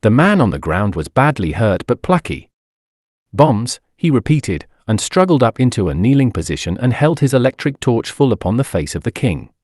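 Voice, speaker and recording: A man narrates an audiobook with an expressive, dramatic reading. His pitch rises and falls a great deal. He sits close to the mic in a dry recording with no room sound. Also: a little fast, few pauses, no echo.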